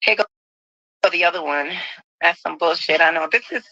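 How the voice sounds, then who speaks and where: A woman passenger filming herself on a phone in an airport, ranting fast and indignantly. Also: fairly low pitch, sharp tone, no echo, dull audio. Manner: upset, indignant, talks fast. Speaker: airline passenger. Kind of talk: self-filmed rant.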